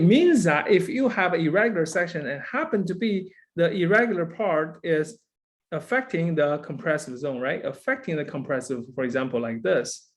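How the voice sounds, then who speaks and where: A male university lecturer giving a classroom lecture, repeating key phrases and checking in with "right?" after nearly every line. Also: on the high side.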